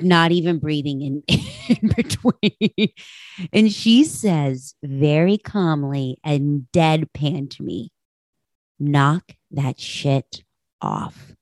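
A woman's voice: low-pitched, a little mellow, dry recording. A woman hosting a podcast, telling a personal story in a candid, reflective way and laughing easily. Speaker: podcast host.

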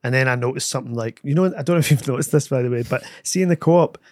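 A Scottish man, a comedian guest, telling stories with frequent laughter and quick character voices. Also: mid-range voice, a little mellow, dry recording, studio quality. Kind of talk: animated conversational storytelling.

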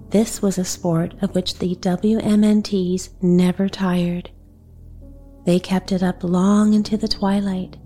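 A woman reading a bedtime story aloud, gentle, unhurried and soothing. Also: medium pitch.

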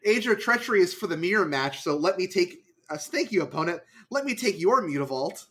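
Upbeat man hosting a card game chat. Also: high-pitched. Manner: animated, laughs often, quick self-corrections. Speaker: podcast host. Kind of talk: casual chat about card game results.

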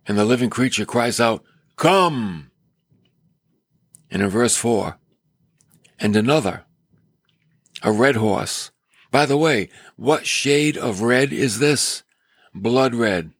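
A man preaching a sermon on scripture, emphatic, with dramatic swings in his pitch. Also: takes it slowly, long pauses, no echo, clean studio sound.

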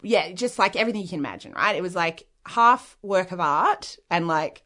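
A woman's voice: lowish voice, expressive, normal speed, few pauses, bright, forceful tone. Frank Australian woman telling her story. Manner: rambling and frank, heavy use of "like" fillers. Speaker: interview guest. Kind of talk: candid personal storytelling.

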